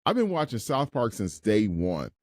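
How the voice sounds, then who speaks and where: A man co-hosting a casual movie review podcast, talking loudly and swearing freely as he riffs. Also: fairly low pitch, moderate pace, dry recording, clean studio sound. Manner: loud, animated, swears freely. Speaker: podcast co-host.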